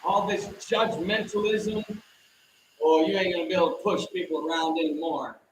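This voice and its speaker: Fired-up preaching man, high voice. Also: steady tone, moderate pace, echoey room, background noise. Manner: fervent, rising to shouts, rhetorical questions to viewers. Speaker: live-stream host. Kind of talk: fiery preacher-style live stream.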